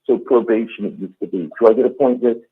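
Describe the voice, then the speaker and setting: Husky-voiced man on a tinny phone line. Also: medium pitch, fast talker. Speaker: quiz contestant and guest. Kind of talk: casual storytelling.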